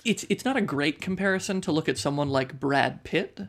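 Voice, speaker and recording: A man with a gravelly, slightly higher voice, chatting on a podcast. He thinks out loud and stammers through restarts as he builds his points. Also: lively intonation, normal speed. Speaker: podcast co-host. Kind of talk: casual chat.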